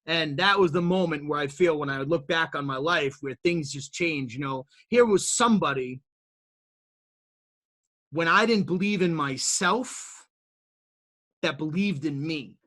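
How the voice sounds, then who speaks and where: Speaking at a measured pace in a voice on the high side, a guest entrepreneur relates his story during an interview. The telling is lively and motivational, building toward emphatic peaks, with many repeated words and restarts along the way.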